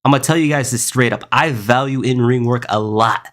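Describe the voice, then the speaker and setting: A man's voice: medium pitch, fairly quick, fairly bright tone. A young man streaming live, reading chat aloud and riffing on it in a rambling, casual way, often saying "bro" and "listen.".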